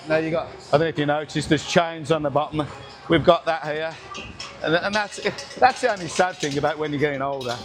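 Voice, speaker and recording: A man, talking casually through a workout in a gym, joking, swearing and short of breath between reps. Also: a little high. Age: 60s. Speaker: gym vlogger. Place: busy gym with music playing. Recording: gym music in background.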